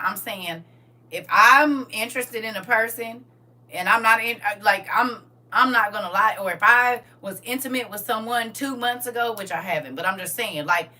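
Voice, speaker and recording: Middle-aged woman, candid podcast co-host, sassy and emphatic, bright edge, slightly high voice. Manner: blunt, sassy and emphatic, laughs often. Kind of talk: candid casual chat.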